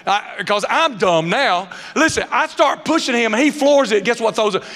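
A man preaching a sermon, telling funny personal stories in an animated way and acting out what people said. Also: very high-pitched, normal speed. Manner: animated storyteller, dialect grammar, acts out quotes. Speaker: pastor. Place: church sanctuary. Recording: reverberant hall sound.

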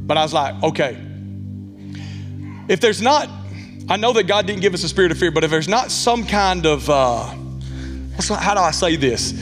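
A man's voice: high voice, expressive, moderate pace, long pauses. A man in his thirties with a Southern Alabama accent, preaching a folksy, candid sermon with lots of asides. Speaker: pastor. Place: church sanctuary. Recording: long church reverb with music.

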